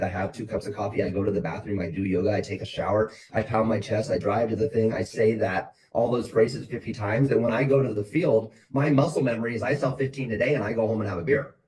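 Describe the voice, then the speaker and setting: A man's voice: on the low side, fast, a crowd in the background, rough recording. A man coaching his sales team on a call, blunt and motivational, repeating his points over and over.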